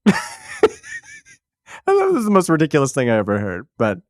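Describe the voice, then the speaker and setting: A man co-hosting a podcast, chatting casually and telling a quick aside. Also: on the high side, wildly swooping pitch, dry recording, clean studio sound. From Pittsburgh area, USA. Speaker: podcast co-host. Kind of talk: casual chat.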